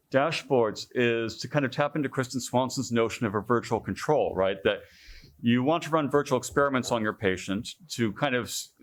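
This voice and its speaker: A man making a comment in a scientific workshop discussion, lively and joking, acting out quoted dialogue. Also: mid-range voice. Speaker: workshop participant.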